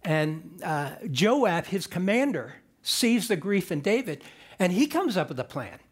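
A man preaching a conversational sermon. He retells a Bible story as an animated storyteller, with joking asides and frequent restarts. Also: high-pitched, measured pace, slightly rough.

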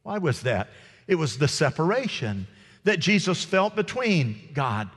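A man's voice: on the high side, sing-song, unhurried, fairly bright tone, husky, long reverb tail. A man preaching a sermon with passion, acting out quoted words with sudden rises and drops. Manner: impassioned preaching with dramatic quoted speech. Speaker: pastor.

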